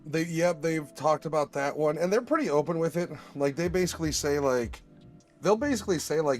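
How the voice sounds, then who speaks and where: A man's voice: on the high side, animated, fairly quick, soft background music. Joking Chicago guy, cusses freely. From Chicago area. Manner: profane, joking, laid-back. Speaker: guest on stream. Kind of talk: casual chat.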